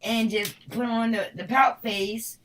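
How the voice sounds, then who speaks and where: A woman's voice: a little high, fairly even intonation, measured pace, distant mic, a little hiss or hum, rough recording. A woman from Harlem with a New York accent, giving a casual tarot reading in a blunt, slangy, profane way. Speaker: tarot reader.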